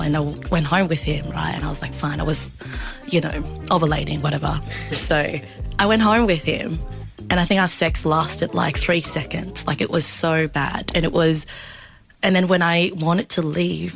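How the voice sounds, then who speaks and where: A woman in her twenties telling candid dating stories in a chatty way. Her voice sits low with a lot of vocal fry. Music plays clearly underneath her. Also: fairly even intonation, normal speed. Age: 20s. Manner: frank, chatty storyteller. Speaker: dating contestant. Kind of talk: casual chat. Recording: music bed under the talk.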